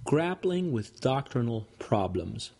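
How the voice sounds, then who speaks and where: A man narrates a written history at a steady, measured pace. His voice sits at a middle pitch and he reads quoted letters without acting them out. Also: vocal fry, breathy edge. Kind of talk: scripted narration of church history.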